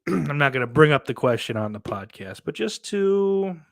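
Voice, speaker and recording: Very animated yet unhurried, a fairly high-pitched, creaky-voiced man hosts his podcast, reading out viewer comments. He rambles, swears a lot, and pokes fun at himself.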